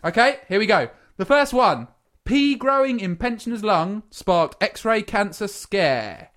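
A man's voice: high voice, sing-song, a little slow, fairly bright tone. A man hosting a comedy podcast, teasing his co-hosts in a mock-pompous way. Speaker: podcast host. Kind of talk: comic banter on a podcast.

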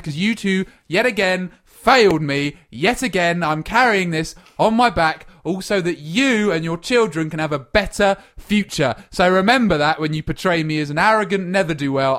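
A man's voice: sits high, fairly bright tone. A man hosting a comedy podcast, teasing his co-hosts in a mock-pompous way. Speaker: podcast host. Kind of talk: comic banter on a podcast.

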